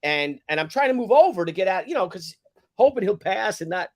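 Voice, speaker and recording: Brief: male host, high voice, animated storyteller who acts out yelled lines and laughs a lot. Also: a little fast. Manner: acts out shouted quotes, swears, laughs often. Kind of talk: casual chat, animated storytelling.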